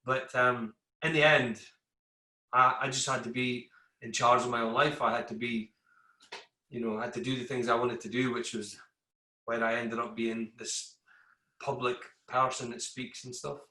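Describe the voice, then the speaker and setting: A man's voice: mid-range voice, flat delivery, moderate pace, sharp tone. A man, an army veteran, telling his story in a candid podcast conversation, acting out exchanges with coworkers. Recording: echoey room.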